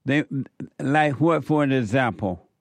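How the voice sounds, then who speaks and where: A man hosting a call-in show, giving advice to a caller in a slow, emphatic way and repeating his points. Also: mid-range voice, lively intonation, no room sound.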